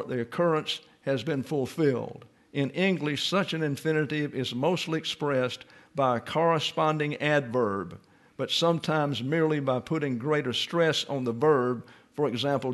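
A man teaching a Bible lesson in sermon style, reading scripture and reference texts aloud and explaining them step by step. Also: medium pitch.

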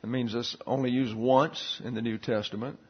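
A man teaching a Bible class, explaining Greek letters and a verse in a steady, explanatory way with frequent fillers. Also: mid-range voice, moderate pace, slightly rough, dull audio.

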